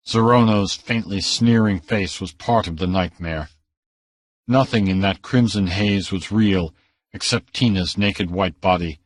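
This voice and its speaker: A man narrating a pulp adventure audiobook in a measured, dramatic storytelling manner. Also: deep voice, dry recording, studio quality. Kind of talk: scripted narration.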